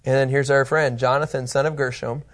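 A man's voice: medium pitch, little pitch movement, fairly quick. A man teaching a Bible lesson in a casual, joking way, laughing often.

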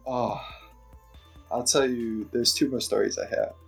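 A young man tells a story in an easygoing chat, with a slightly husky voice. He acts out the people he quotes and laughs as he goes, while faint music plays underneath. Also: medium pitch, steady tone, unhurried.

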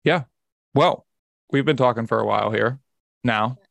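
Male podcast host, mid-pitched, dry close sound, loose rambling delivery. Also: moderate pace, creaky, fairly bright tone, no room sound. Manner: rambling with frequent restarts. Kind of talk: casual podcast chat.

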